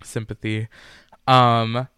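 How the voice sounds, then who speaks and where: A man's voice: medium pitch, level tone, takes it slowly, bright, forceful tone, clean tone, no echo. A male podcast co-host retells a wild story with gossipy energy, jumping into quoted lines as he goes. His voice sits in an ordinary middle range. It is recorded close and dry, with almost no room sound. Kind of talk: casual storytelling chat.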